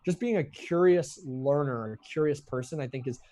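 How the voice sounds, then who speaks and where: A man's voice: fairly high pitch, warm tone. A young man talking as a guest in a casual interview, rambling with restarts and frequent swearing. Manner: rapid, profane, rambling with restarts. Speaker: entrepreneur guest.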